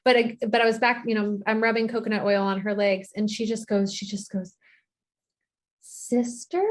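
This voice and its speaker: A woman's voice: medium pitch, flat delivery, fast. A woman in her thirties, a podcast guest, telling a personal story tenderly. She often stops and restarts her sentences and repeats words. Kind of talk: emotional podcast conversation.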